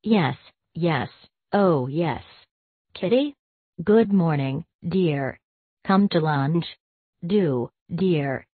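A woman's voice: low voice, animated, extremely slow, breathy edge, dry recording, narrow, tinny audio, exaggerated voice. A woman voicing a gushing young society girl. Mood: chatty. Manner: bright and chatty on the telephone. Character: eager, gushing young upper-class woman.

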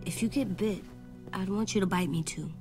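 A woman voicing a troubled, earnest young boy in a video game, speaking in a hushed, halting, childlike way, with game music behind. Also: medium pitch, natural voice. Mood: pleading upset.

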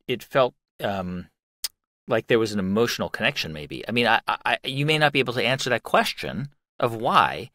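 A man hosting an interview, asking a long question haltingly with many restarts. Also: lowish voice, bright, forceful tone, no room sound, clean studio sound. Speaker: podcast host.

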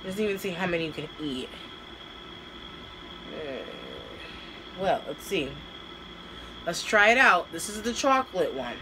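A woman's voice: fairly low pitch, lively intonation, unhurried, long pauses, noisy background. A woman vlogger chatting casually and hesitantly as she unboxes and taste-tests snacks, with many fillers. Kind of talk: casual taste-test vlog.

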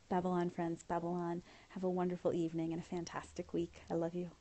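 A woman with a slightly low voice chats casually into her phone during a livestream. She reads out viewers' comments one after another and showers them with thanks and blown kisses. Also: monotone, quick pace, warm tone, slight background noise. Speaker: livestream host.

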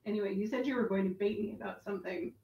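Giggly co-host heard from afar. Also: female voice, mid-range voice, rapid-fire. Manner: giggly, relays chat messages. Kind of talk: casual chat. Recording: distant, roomy, muffled audio.

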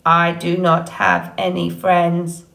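A woman voicing a slow, calm robot. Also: fairly low pitch, echoey room. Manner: slow, even, deliberate delivery. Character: calm polite female robot, slow and careful.

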